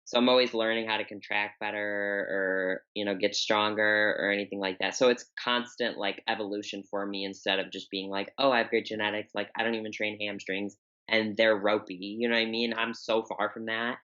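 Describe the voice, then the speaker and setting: This young Chicago woman, a podcast guest in her twenties, keeps saying "like" and repeating herself in a chatty interview. Her rumbling low voice has a fairly bright tone, little pitch movement, and a slightly quick pace, captured with lo-fi sound.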